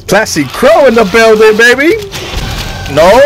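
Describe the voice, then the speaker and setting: A young man giving loud, excitable, profane live commentary while playing a game on a headset, laughing often. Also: high voice, a little slow, slight background noise. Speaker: gaming streamer.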